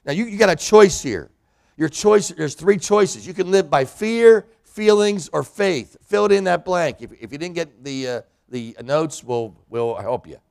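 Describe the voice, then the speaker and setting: A man's voice: a little high, animated, a little slow, creaky, a little mellow. A man preaching a sermon in a church, a pastor and hospital chaplain who acts out the voices of people in scripture.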